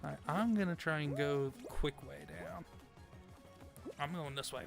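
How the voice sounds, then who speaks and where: Bright, high-voiced excitable gaming streamer man. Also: moderate pace, gravelly, long pauses, soft background music. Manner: excitable, cheers on teammates, repeats words when flustered. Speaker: streamer host. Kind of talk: live gameplay commentary and chat reading.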